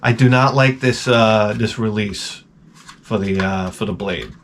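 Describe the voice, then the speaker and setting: A middle-aged man telling stories in a casual vlog, profane and animated, ranting and acting out his own exasperated reactions. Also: fairly low pitch, a little slow, a little hiss or hum. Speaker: vlogger showing garage sale finds.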